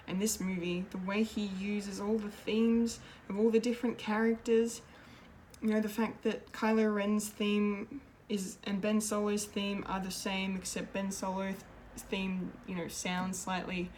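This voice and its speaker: A woman rambles through an unscripted film review, gushing and openly emotional. She restarts sentences and piles on fillers as she goes. A faint hiss sits under her mid-pitched voice. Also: level tone, unhurried, darkish tone. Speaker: pop culture video reviewer.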